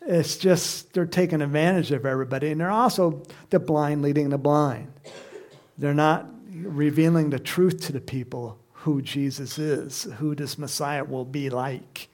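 A man preaching a sermon, animated, who acts out the crowd's shouts and reads scripture aloud. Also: fairly high pitch, a little slow. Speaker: pastor.

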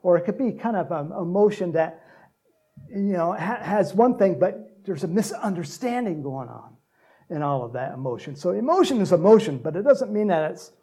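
A man preaching a sermon, joking with the congregation and breaking into loud shouts to act out cheering crowds. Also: sits high, expressive, normal speed. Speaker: pastor.

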